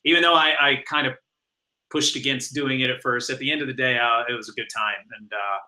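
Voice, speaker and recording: Guest, male: halting storyteller, lots of ums and uhs, very bright sharp tone. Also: medium pitch, steady tone, rough recording. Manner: hesitant, many fillers and restarts, laughs often. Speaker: guest, animated series showrunner. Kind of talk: casual podcast interview.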